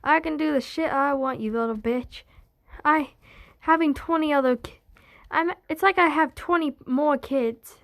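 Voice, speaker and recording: A woman voicing a gruff, profane father of many kids, speaking bluntly in an improvised spoken story. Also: high voice, normal speed, fairly bright tone. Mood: annoyed.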